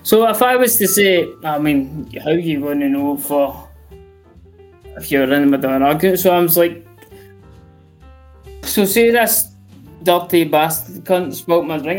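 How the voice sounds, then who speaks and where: A man's voice: a little high, normal speed, long pauses, soft background music. A drunk Scottish man calling in to a live chat show, talking bluntly and swearing in nearly every sentence. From Scotland. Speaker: caller. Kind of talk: casual call-in chat.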